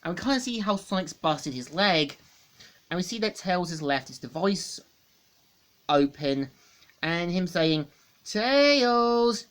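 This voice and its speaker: A woman reviewing a comic book, loosely retelling the story and repeating the same phrases. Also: fairly low pitch.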